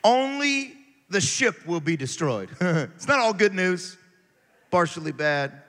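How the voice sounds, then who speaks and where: A man preaching a sermon, moving from quiet scripture reading to loud, animated exhortation. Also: high voice, slow, in a large hall.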